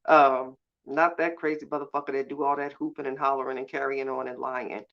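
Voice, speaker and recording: A woman's voice: a bass voice, steady tone, normal speed. A woman hosting a casual live chat with viewers, sassy and blunt, cursing freely and laughing often. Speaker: live-stream host. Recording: slightly dull lo-fi sound.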